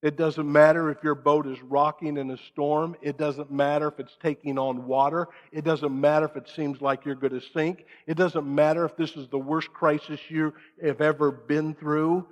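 Pastor preaching in a reverberant hall. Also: male voice, on the high side, level tone, normal speed, few pauses. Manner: dramatic, acts out prayers and quotes in raised voices, drops to soft hush. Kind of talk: sermon.

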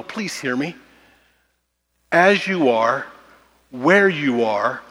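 A man with a fairly high voice preaches from the pulpit, pressing his points with repetition and slowing to stress key phrases. His words ring out with a long reverb through a church sanctuary. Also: a bit bright. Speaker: pastor. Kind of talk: sermon.

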